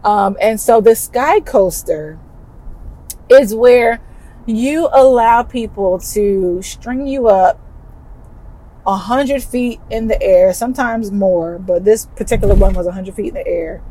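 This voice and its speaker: A woman hosting a podcast, telling a personal story in an animated, emphatic and conversational way. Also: medium pitch, takes it slowly, low-quality recording. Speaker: podcast host.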